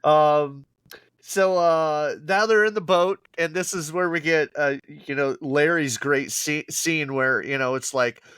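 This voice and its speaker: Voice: mid-range voice, a little slow, fairly bright tone, clear, resonant tone, no room sound. A podcast co-host animatedly retelling a bad movie's plot in casual chat, acting out the characters and swearing freely.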